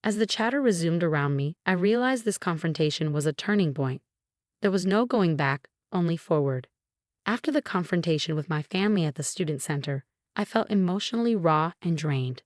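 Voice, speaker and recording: A woman reading a first-person story in an even, measured narration, reading the dialogue in her own voice. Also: fairly low pitch, dry recording, studio quality.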